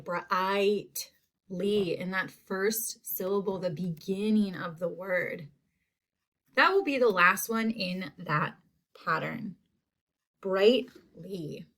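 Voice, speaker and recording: Slow, deliberate woman teaching spelling. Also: medium pitch, fairly bright tone. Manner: slow, drawn-out repetition of words. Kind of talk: spelling lesson for children. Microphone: home recording.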